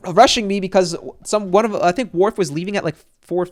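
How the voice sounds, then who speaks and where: A young man, a streamer, telling a casual story in an excitable, profane, rambling way. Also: high-pitched, brisk.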